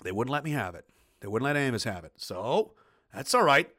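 A middle-aged man hosting a casual livestream, reading out viewer comments and ranting in a blunt, profane way. His voice is bright and forceful. He rambles, stumbles over restarts, and breaks into heated outbursts. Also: mid-range voice, big pitch swings, brisk.

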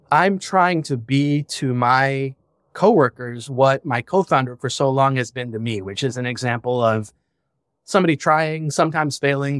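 A founder and father appears as a podcast guest in a candid, conversational interview, speaking frankly and reflectively and swearing casually. His medium-pitched voice is recorded dry, with clean studio sound.

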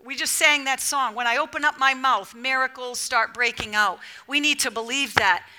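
Woman preaching in church, very high bright voice, goes from loud bursts to hushed bits. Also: normal speed. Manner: animated, swinging from loud emphatic bursts to soft near-whispers. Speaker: preacher addressing a women's gathering. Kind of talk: sermon.

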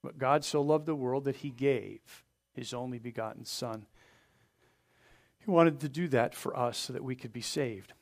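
A man pastor preaching a sermon, earnest, pressing his points hard and then letting them fall soft. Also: mid-range voice, moderate pace. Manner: earnest preaching with rising emphasis and soft drop-offs; asks the congregation to open their Bibles.

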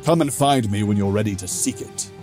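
A man's voice: on the low side, brisk, soft background music, lightly acted. A man voicing a stern dwarf lawkeeper. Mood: shouting. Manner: forceful, commanding.

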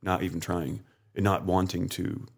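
A man appearing as a podcast guest, talking casually with many restarts and an eager, halting delivery. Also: sits low, level tone, vocal fry, husky. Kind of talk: casual conversation.

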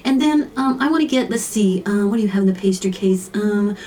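A woman's voice: medium pitch, lively intonation, a little fast, dark tone, far from the mic, natural voice. Comedy sketch: a woman doing a fussy, dithering customer at a coffee counter, a bit off-mic. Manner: dithering, hesitant, full of ums.

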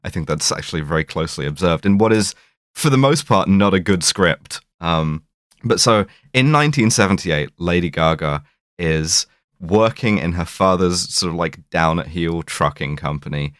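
A man's voice: deep voice, expressive, normal speed, fairly bright tone, no echo, clean studio sound. A man co-hosting a podcast, recapping a film in a rambling, fond way with plenty of fillers. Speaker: podcast co-host. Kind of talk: casual chat.

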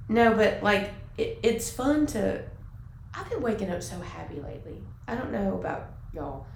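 A woman co-hosting a podcast in casual chat, talking in an animated way with many fillers. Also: mid-range voice, moderate pace, gravelly. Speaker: podcast co-host. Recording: roomy with faint background hiss.

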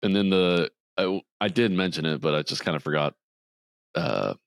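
A man's voice: moderate pace, creaky, clear, resonant tone, no room sound. A man casually recapping a film on a podcast, acting out the characters' lines in a raised voice. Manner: retells scenes, acting out quotes in a higher voice. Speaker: podcast co-host. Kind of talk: casual movie recap chat.

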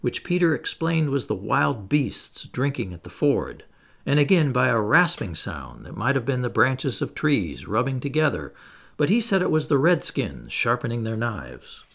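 A man narrating a children's storybook with an expressive, animated delivery. His pitch rises and falls freely, and a gravelly texture runs through his middle-range voice. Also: normal speed. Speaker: audiobook narrator.

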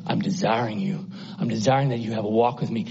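A man preaching a sermon, moving between urgent, raised exhortation and soft, hushed near-whispers. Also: on the low side, steady tone, fast talker, gravelly. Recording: muffled lo-fi sound.

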